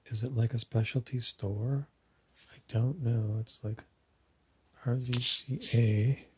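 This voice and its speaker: A man's voice: mid-range voice, steady tone, slow pace. A man telling meandering, digressive stories in a casual monologue to camera. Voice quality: husky.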